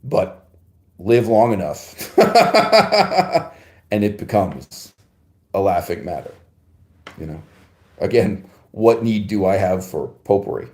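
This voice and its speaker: A man with a low, mellow voice delivers a rambling philosophical monologue as a podcast host, answering a listener's email. He punctuates his points with laughs and a rhetorical "right?", and his voice rings in an echoey room. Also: big pitch swings, slow, pauses often. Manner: digressive and emphatic, with frequent laughs and rhetorical "right?".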